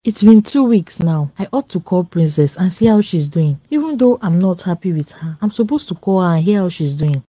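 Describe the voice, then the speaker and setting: A woman's voice: on the low side, animated, brisk, few pauses, dark tone, dry recording. A woman voicing a stern Nigerian mother. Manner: firm and admonishing. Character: stern, caring middle-aged mother. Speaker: voice actor. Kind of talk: cartoon voice acting.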